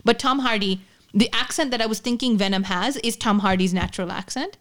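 A woman's voice: mid-range voice, brisk, fairly bright tone. A woman in casual podcast chat who often stammers and restarts while she searches for words.

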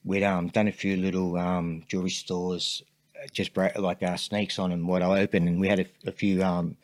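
A man's voice: low voice, flat delivery, moderate pace, no echo. A man with an Australian accent, a podcast guest telling a long story in a rambling way, full of fillers. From Sydney, Australia. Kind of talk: casual storytelling interview.

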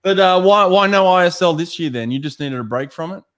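A man interviewing a swimmer, asking questions in a relaxed, joking way. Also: sits high, a little fast. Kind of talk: casual interview chat.

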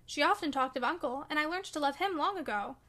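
A delicate, fretful boy asks anxious questions in a high, plaintive voice, as a woman reads him in a storybook. His tone is bright and a little whiny, anxious and reluctant. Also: expressive, fast.

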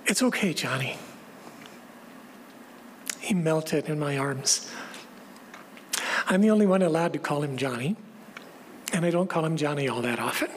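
A woman with a somewhat low voice delivers a reflective, measured sermon, repeating key phrases as she goes. Her words ring out with a long reverb in a large sanctuary, over a faint background hiss. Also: darkish tone. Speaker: pastor.

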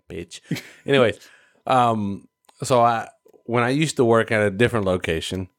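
A podcast co-host with a fairly low voice tells a long, workplace-style story in casual conversation, speaking unhurriedly and pausing often. He's animated and profane, raising his voice to play the people he quotes, and the recording is dry and close.

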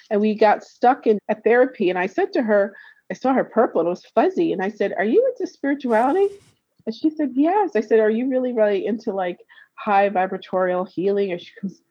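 A woman's voice: mid-range voice, no echo. A woman with a mid-range voice recounts a personal story in an easygoing, conversational way. She acts out the people she quotes and laughs often. The recording is dry and a little dull and lo-fi. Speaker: therapist and energy healer.

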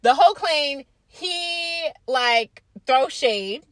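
A young adult woman telling a casual, animated storytime, swearing freely and using lots of fillers. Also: high-pitched, very slow, dry recording. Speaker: vlogger.

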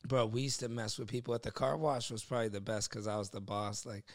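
A man's voice: medium pitch, fairly even intonation, quick pace. A young man, a podcast guest, telling a work story in casual chat, laughing often and acting out the other people's voices.

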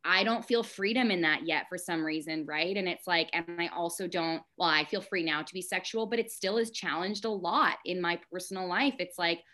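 Woman podcast guest, lowish pitch, candid and fiery, rambles off on tangents. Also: bright, forceful tone. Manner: frank and impassioned, talks in rushes with tangents.

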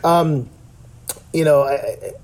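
A man's voice: on the high side, extremely slow. A man in casual discussion, talking earnestly in a rambling way with many restarts and fillers.

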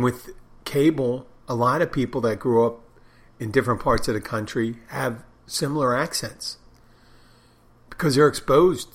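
A man's voice: medium pitch, slightly rough. A man talking in a loose, casual monologue, often breaking off and restarting his sentences as he thinks aloud. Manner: rambling, self-interrupting, conversational.

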